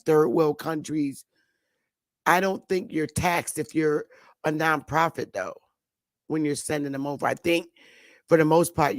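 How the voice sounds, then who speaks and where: A woman's voice: deep voice, dry recording, clean studio sound. A woman hosting a casual morning talk show, rambling and blunt, with frequent swearing.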